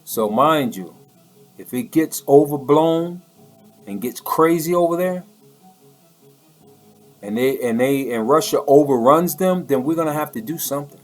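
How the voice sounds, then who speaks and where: A man's voice: on the high side, unhurried, pauses often, faint music behind. A man giving a heated, preachy political monologue in a colloquial way, often repeating words as he pushes his point. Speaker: political commentator. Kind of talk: impassioned monologue.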